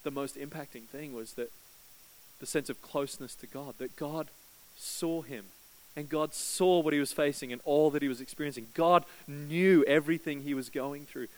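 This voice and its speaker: A man's voice: steady tone, normal speed, darkish tone, rough recording. Storytelling male pastor preaching. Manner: storytelling, acts out quoted prayers with rising pitch. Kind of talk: sermon.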